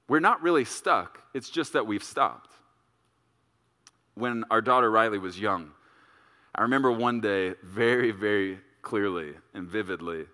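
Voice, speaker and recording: A middle-aged male pastor preaching a sermon, telling a story and acting out voices with big jumps in pitch and volume. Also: sharp tone, big-room sound.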